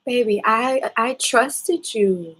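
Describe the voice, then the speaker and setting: A mother calmly questioning her child about a mistake, patient and measured while she holds back tears. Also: on the high side, slightly rough, poor audio. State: close to tears, holding back. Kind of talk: parent talking a child through a mistake.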